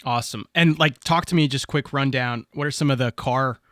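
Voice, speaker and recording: A man's voice: medium pitch, fairly quick, fairly bright tone, no echo, studio quality. A man hosting a podcast interview, enthusiastic and reacting with laughter to his guest. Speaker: podcast host. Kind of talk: casual interview.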